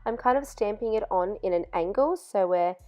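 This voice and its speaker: A woman's voice: medium pitch, lively intonation, moderate pace, mellow, soft background music. A young woman narrating a makeup tutorial voice-over step by step, chatty, while losing her voice. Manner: chatty, step-by-step explaining with fillers. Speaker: makeup artist.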